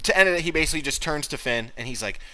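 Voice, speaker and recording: A young man co-hosting a podcast, chatting casually and acting out quotes in raised, animated voices. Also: fairly high pitch, very fast, a crowd in the background. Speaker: podcast co-host. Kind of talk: casual chat recapping wrestling.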